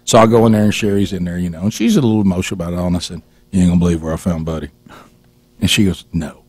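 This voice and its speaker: A man's voice: low-pitched, very fast, darkish tone, breathy edge, no echo. A man hosting a radio show, telling a long teasing story in a rambling way with many restarts, into a studio microphone. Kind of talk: casual storytelling chat.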